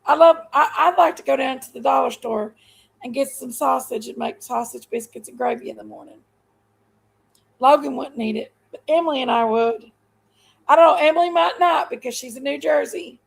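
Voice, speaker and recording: A woman rambles through a casual livestream chat, folksy and warmly talkative. Her voice sits high, and a strong gravelly fry runs under almost every word. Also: normal speed, rough recording. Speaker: livestream host.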